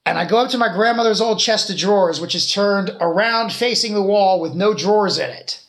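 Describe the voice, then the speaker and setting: A podcast host spins a rambling story in easy conversation, swearing freely and telling it with animation. The voice sits at a middle pitch. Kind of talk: casual storytelling chat.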